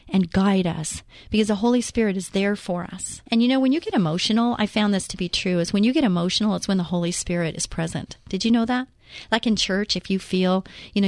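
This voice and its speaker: A woman's voice: medium pitch, darkish tone, dry recording, clean studio sound. A woman reading Bible passages and explaining them in an earnest, conversational way, often asking the listener questions. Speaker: Bible teacher. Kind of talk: devotional Bible reading and teaching.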